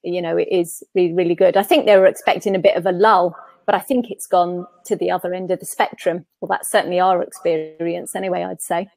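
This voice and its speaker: A woman's voice: lowish voice, little pitch movement, fairly quick, vocal fry, few pauses, darkish tone, dry recording. Female host, giggly and encouraging; dry, close recording. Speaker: podcast host. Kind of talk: casual chat.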